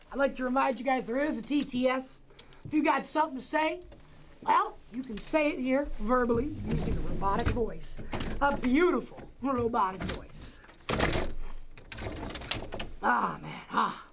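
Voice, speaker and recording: Streamer host, woman, high voice, unhurried delivery, animated and foul-mouthed, faint noise underneath. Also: poor audio. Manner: animated, swears freely, frequent exclamations. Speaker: livestream host. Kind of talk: casual livestream chat.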